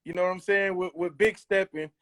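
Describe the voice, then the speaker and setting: A man co-hosting a casual interview, asking questions in a halting way, repeating words as he goes. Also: high voice, steady tone, a bit bright. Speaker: podcast co-host.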